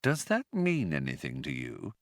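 A clever young woman crew member, read by a male narrator speaks quietly and patiently, with the calm of someone used to explaining things twice. The voice is fairly low and bright, recorded close and dry. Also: takes it slowly, no room sound, heavily acted.

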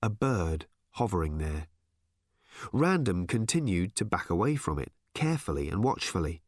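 A man's voice: sits low, sing-song, moderate pace, no room sound. Guy reading an audiobook, voice moves around a lot, dry close sound. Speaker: audiobook narrator. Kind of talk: scripted narration.

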